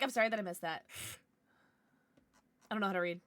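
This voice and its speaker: A woman streamer chatting casually on a livestream, bubbly and excitable, swearing now and then. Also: medium pitch, measured pace, long pauses, slight background noise.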